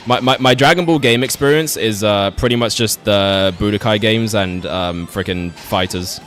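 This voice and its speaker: A man's voice: fairly low pitch, normal speed, a bit bright, faint music behind. A young man streaming a game, chatting casually, rambling, swearing and laughing often while he talks to his chat.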